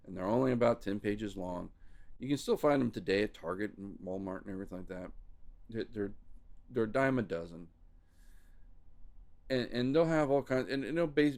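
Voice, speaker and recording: Gravelly man chatting casually. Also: on the low side, a little mellow. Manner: rambling, restarting, self-interrupting. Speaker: podcast host. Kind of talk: casual podcast chat.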